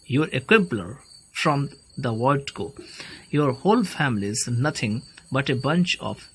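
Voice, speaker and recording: A man's voice: medium pitch, expressive, measured pace, slight background noise, rough recording. A man reading aloud as a blustering, condescending older landowner. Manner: patronizing, blustering. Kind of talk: play read aloud.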